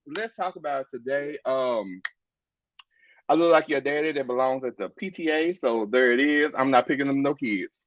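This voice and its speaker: A man's voice: medium pitch, normal speed, no echo, highs cut off. A man hosting a podcast over a video call, chatting in a campy, playful way. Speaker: podcast host. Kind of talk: casual chat.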